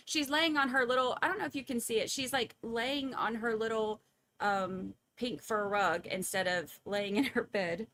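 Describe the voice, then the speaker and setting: Woman, livestream host, gravelly fry, bright tense tone, chatty and laughing. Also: on the high side, normal speed. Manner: chatty, laughs often, reads comments aloud. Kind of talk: casual chat reading viewer comments. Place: home.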